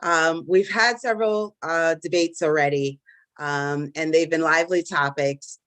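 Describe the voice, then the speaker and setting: A woman's voice: low-pitched, steady tone, measured pace, fairly bright tone, dry recording. Chatty woman hosting a live debate. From Caribbean diaspora in the US. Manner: chatty, many fillers and restarts, self-deprecating. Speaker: podcast host and debate moderator. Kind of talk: casual live-stream moderation.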